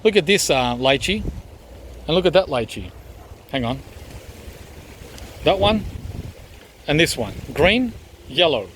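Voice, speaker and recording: A man's voice: fairly high pitch, animated, a little slow, long pauses, slight background noise. A man chatting casually as he walks through his backyard garden, rambling with frequent ums as he points things out. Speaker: gardening vlogger.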